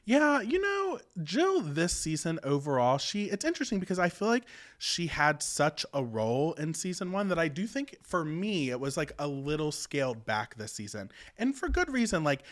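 A man chatting casually as a podcast co-host, his voice sitting a little high for a man. He rambles freely, leans on "like" as a filler and laughs easily between thoughts. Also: sing-song, moderate pace, hardly any pauses, fairly bright tone. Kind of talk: casual chat.

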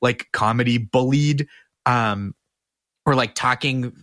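A man telling a comedy story in casual chat, animated and laughing often as he quotes other people. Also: medium pitch, takes it slowly, dry recording, clean studio sound. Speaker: comedian guest.

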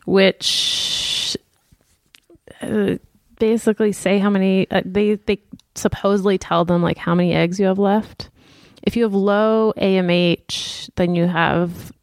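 A woman's voice: medium pitch, gravelly, no echo, studio quality. A woman from Massachusetts co-hosting a podcast, explaining things matter-of-factly with wry quips. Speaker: podcast co-host. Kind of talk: casual comedic chat.

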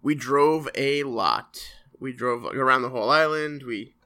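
Young male co-host, bright voice, chatty storyteller who swears. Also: medium pitch, a little slow. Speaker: podcast co-host. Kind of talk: casual chat.

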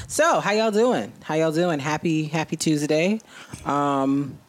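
A woman co-hosting a casual podcast chat, animated and playful, breaking into high sing-song bits. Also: takes it slowly. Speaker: podcast co-host.

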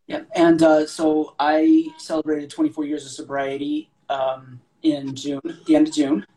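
A man's voice: a little high, flat delivery, unhurried, warm tone, rough recording. A man in his forties, a guest on a video-call interview, speaking briefly and matter-of-factly. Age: 40s. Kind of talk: casual interview.

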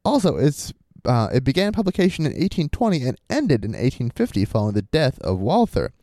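A man chats through a podcast story with wry, sarcastic asides, reading his sources aloud as he goes. His voice is mellow and swings widely in pitch. The sound is dry and close. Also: huge pitch swings, a little fast, no room sound. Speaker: podcast co-host.

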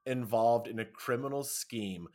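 A man's voice: medium pitch, unhurried. A man co-hosting a podcast, rambling casually with lots of "like" and cheerful profanity. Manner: animated, profane, filler-heavy rambling. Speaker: podcast co-host. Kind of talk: casual podcast chat recapping a TV episode.

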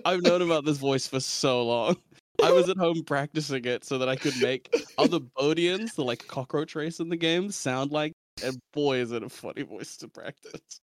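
A man's voice: on the high side, normal speed, dry recording. A young man with a New Zealand accent, hosting and narrating a tabletop game in a dramatic storytelling manner. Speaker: game master and host. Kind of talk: podcast intro and scripted narration.

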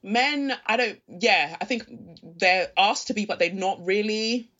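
A woman's voice: medium pitch, unhurried, fairly bright tone, highs cut off. A woman talking frankly as a guest on a casual podcast, often filling with "like". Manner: frank, chatty, uses "like" a lot. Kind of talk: casual chat.

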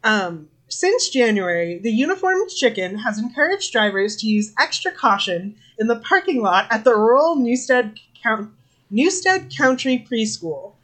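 A woman co-hosting a casual podcast, with a voice sitting a little high for her. She trades dry jokes and reads an article aloud, with plenty of ums along the way. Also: big pitch swings, a little slow, a bit bright. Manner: dry, joking, fills with "um". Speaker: podcast co-host reading a news story.

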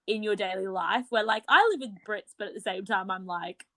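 A young woman with an Australian accent softened by a British twang, co-hosting a podcast in giggly, casual chat full of "like". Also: medium pitch, brisk. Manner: chatty, giggly, lots of "like". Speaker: podcast co-host.

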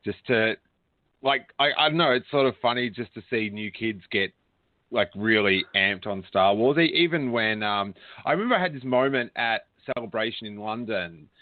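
A man's voice: fairly low pitch, expressive, moderate pace, dry recording. A man hosting a casual chat, joking and talking with many restarts. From Australia. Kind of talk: casual chat over a call. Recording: tinny call audio, dry.

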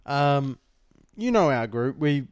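A young Australian man spins a rambling story in casual podcast chat, swearing freely. His voice comes across smooth and resonant, recorded close with a dry sound. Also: medium pitch, big pitch swings, slow pace, no echo. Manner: rambling, swears often, acts out quotes. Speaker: podcast co-host. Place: lounge room.

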